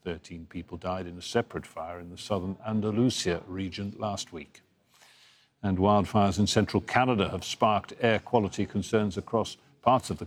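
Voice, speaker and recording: A man presenting the news from the studio, reading headlines in a measured, clear way. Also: on the low side. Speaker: news anchor.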